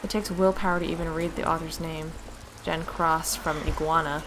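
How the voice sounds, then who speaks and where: Woman streamer, mid-pitched; reads game narration aloud with casual asides. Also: flat delivery, moderate pace, background noise.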